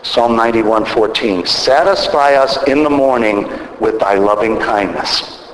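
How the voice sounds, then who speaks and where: Low-voiced male preacher in an echoey hall. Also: slight background noise. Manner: earnest, measured preaching with pauses and restarts. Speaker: pastor. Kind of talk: sermon.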